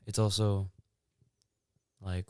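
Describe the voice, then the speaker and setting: Low-voiced young man, dry mic. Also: little pitch movement, takes it slowly, clear, resonant tone, no echo. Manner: thoughtful, laid-back, frequent likes. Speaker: podcast co-host. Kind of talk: casual reflective chat.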